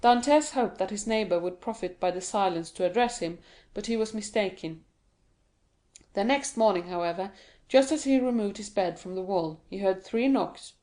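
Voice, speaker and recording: A woman reading an audiobook of a classic novel in a steady, even narration. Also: medium pitch, normal speed. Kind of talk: scripted narration.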